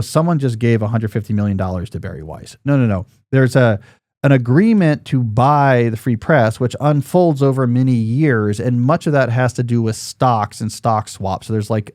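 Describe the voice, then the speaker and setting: Man, podcast host, casual chat, rambling with restarts, mid-pitched, dry close mic. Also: a little mellow, no room sound. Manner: rambling, jokey, lots of fillers and restarts.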